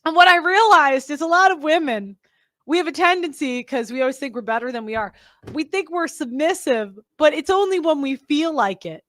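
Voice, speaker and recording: A woman hosts a reaction commentary, her voice pitched high and recorded close and dry. She talks bluntly and candidly, piling on asides and restarting her sentences. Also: expressive, fairly quick, fairly bright tone, no room sound. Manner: candid, blunt, rambling, self-interrupting. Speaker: host.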